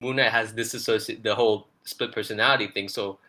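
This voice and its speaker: A man's voice: fairly low pitch, fairly even intonation, fast talker, sharp tone. A man co-hosting a casual trailer breakdown, rambling with lots of fillers and restarts. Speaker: podcast co-host.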